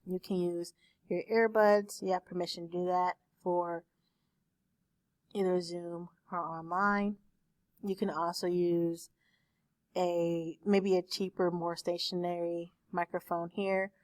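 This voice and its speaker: A woman's voice: fairly low pitch, little pitch movement, no echo. Woman teacher lecturing into a desk mic. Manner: explains terms slowly with examples, admits speaking fast. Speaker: speech teacher. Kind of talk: recorded lecture to students. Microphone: desktop USB microphone.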